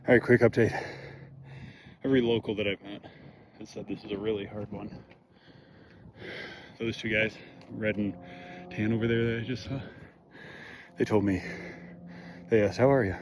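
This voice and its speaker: A man's voice: on the low side, level tone, moderate pace, pauses often, noisy background. Winded Michigan guy vlogging a hike. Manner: chatty, swearing, complaining. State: out of breath. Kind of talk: hiking vlog narration. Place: outdoors on a mountain trail.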